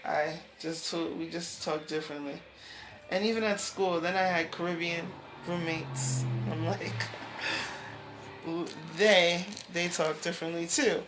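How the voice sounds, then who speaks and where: A woman hosting her own talk show, rambling from topic to topic, restarting phrases and laughing softly. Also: lowish voice, a little slow, background noise. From United States. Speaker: show host.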